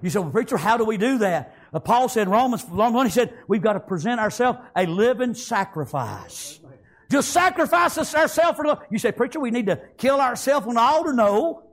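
A man preaching a sermon, fervently repeating praise and amen and rising to shouts. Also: high voice, lively intonation, brisk, few pauses.

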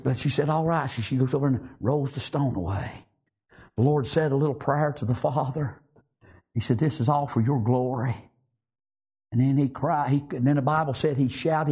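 Male preacher, high husky voice, lively swings, amens throughout. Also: normal speed. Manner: animated preaching with frequent repetitions and amens. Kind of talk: sermon.

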